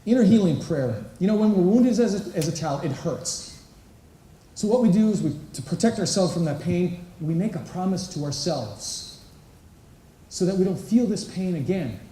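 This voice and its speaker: A man with a fairly high but mellow voice speaks to a live audience in a large conference hall. He asks the crowd questions and acts out little quotes as he talks. The sound is roomy and distant, as if the mic sits well away from him. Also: animated, normal speed. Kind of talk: inspirational talk to a live audience. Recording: echoey hall, voice picked up from a distance.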